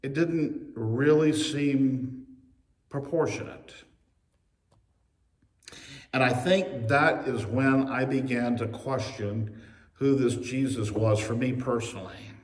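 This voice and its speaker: Male pastor, mid-pitched, preaching with lively storytelling; reverberant church sound from afar. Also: takes it slowly, pauses often. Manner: storytelling, humorous asides, acts out quotes. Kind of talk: sermon. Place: church sanctuary. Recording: echoey church recorded from a distance.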